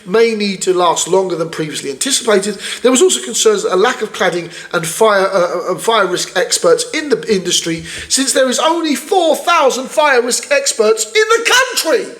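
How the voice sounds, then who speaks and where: A man's voice: high voice, lively intonation, normal speed, few pauses, a bit bright. A man co-hosting a podcast, reading news aloud and ranting angrily with lots of swearing. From United Kingdom. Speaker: podcast co-host. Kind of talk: casual ranting political chat.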